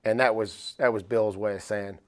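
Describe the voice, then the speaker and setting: A middle-aged man with a somewhat low voice tells stories in a relaxed, rambling way, full of casual fillers. He is a football coach who is a guest on a podcast interview. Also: normal speed. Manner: relaxed, rambling anecdotes with many "you know" fillers.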